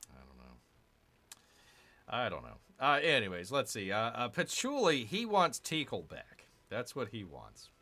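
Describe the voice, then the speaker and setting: A man's voice: mid-range voice, wildly swooping pitch, measured pace, pushed and bright. A man giving casual gameplay commentary, grumbling and sarcastic as he talks to his viewers. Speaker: gaming channel host.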